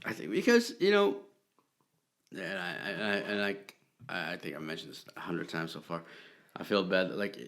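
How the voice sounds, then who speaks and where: A man's voice: low-pitched, very animated, moderate pace, vocal fry, a bit bright. A man co-hosting a podcast in casual chat, stammering and repeating words as he talks. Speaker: podcast co-host.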